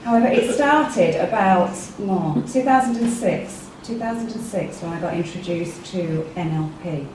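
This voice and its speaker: In a meeting room, a woman with an English accent gives a chatty workshop talk to a small live audience, often putting questions to them. Her medium-pitched voice is animated at a moderate pace with few pauses. The mic sits far off in an echoey room with noisy background.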